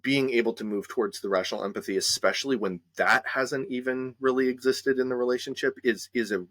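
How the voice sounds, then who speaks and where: A man speaking as a therapist guest in a conversational discussion, measured and hesitant, with many fillers. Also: mid-range voice, steady tone, a bit bright, no echo.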